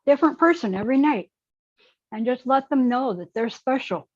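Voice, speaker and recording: A woman's voice: sits high, lively intonation, normal speed, darkish tone, no echo. A blunt, outspoken woman on an online call, giving frank opinions. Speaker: panelist. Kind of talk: casual online chat. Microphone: video call. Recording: dull lo-fi call audio.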